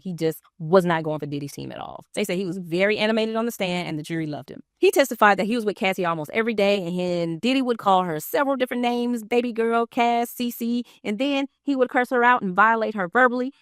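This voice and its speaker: A woman's voice: medium pitch, quick pace, few pauses, dry recording, studio quality. A woman recapping court testimony in a casual, slangy vlog style, telling the story with animation. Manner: animated storyteller, acts out quotes; slangy conversational delivery. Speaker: trial recap vlogger.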